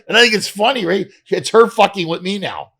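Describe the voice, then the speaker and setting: A middle-aged man from Canada, a comedian guest telling animated stories and acting out dialogue with swearing. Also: high voice, fairly quick. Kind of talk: casual storytelling interview.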